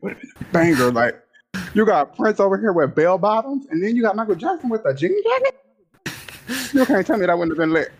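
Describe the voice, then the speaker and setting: Excitable podcast guy, bit high voice, jumps all over, keeps laughing. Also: fast talker, long pauses, a little hiss or hum. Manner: animated and excitable, repeats words, breaks into high laughs. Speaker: podcast co-host. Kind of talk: casual chat.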